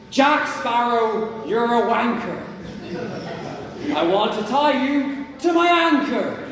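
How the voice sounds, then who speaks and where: Guy doing a swaggery pirate captain, pirate accent, high voice, roomy echoey hall far from the mic. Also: full character voice. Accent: put-on pirate accent. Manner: mocking, theatrical verse recital. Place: comedy gig venue indoors.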